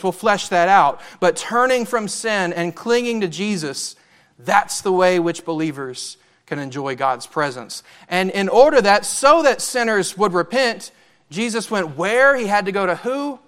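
High-voiced man preaching a sermon. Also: lively intonation, normal speed, fairly bright tone, clear, resonant tone. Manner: earnest, emphatic preaching with rhetorical questions. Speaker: pastor.

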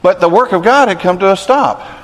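A man's voice: high voice, expressive, moderate pace, long reverb tail. A man preaching a sermon, earnest and conversational, building to emphatic peaks. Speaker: pastor.

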